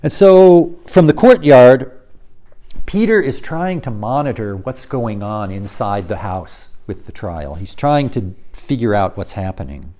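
A man preaching a sermon as dramatic storytelling, acting out quoted lines and dropping to quiet intensity. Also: fairly low pitch, animated, unhurried.

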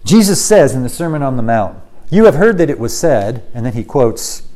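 A man's voice: mid-range voice, big pitch swings, normal speed, mellow. A man preaching an expository sermon, emphatic and given to repeating key phrases.

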